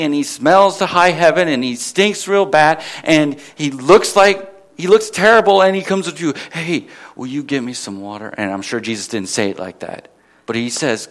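A man preaches a sermon, asking his listeners questions and rising to emphatic, swelling peaks. His voice sits a little high for a man. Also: a bit bright. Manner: rhetorical questions to the crowd, building to emphatic peaks.

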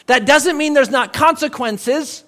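A man's voice: very high voice, a little slow, fairly bright tone. A male pastor preaching a sermon in a church, conversational and emphatic, often repeating words for stress.

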